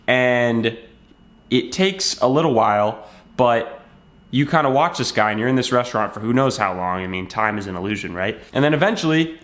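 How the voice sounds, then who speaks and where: A self-help video creator talks to camera in a mid-range, fairly bright male voice. His motivational talk is casual and conversational, and he tells a story while acting out bits of dialogue.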